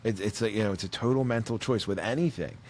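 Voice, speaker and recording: A man's voice: lowish voice, quick pace, slight background noise. A man talks casually as a comedian guest on a podcast. He tells stories with energy and jumps into voices for the people in them. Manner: animated storyteller, acts out voices.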